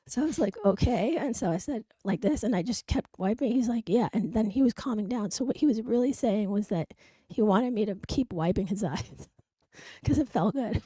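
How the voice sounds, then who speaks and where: A woman's voice: medium pitch, expressive, moderate pace, mellow, husky, no room sound. A woman co-hosting a chat show, telling a story casually with many hesitations. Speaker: co-host.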